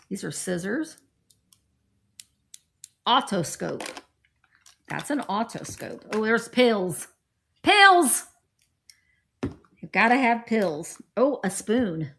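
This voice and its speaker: Her voice is medium-pitched, creaky and a bit bright as this middle-aged woman casually presents her thrift finds, with slight background noise. She rambles on and chats with friends close by.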